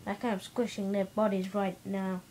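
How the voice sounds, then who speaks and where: A woman's voice: medium pitch, little pitch movement, moderate pace, background noise. A young girl giving a playful home video tour, telling silly stories with mock-serious asides, recorded in a bedroom on a camera mic. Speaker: vlogger.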